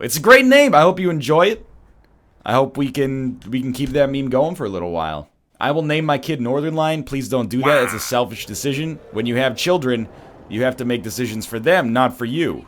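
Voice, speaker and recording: Canadian guy, playful gaming commentary, lively pitch swings. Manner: rambling, jokey, sarcastic. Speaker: let's play streamer.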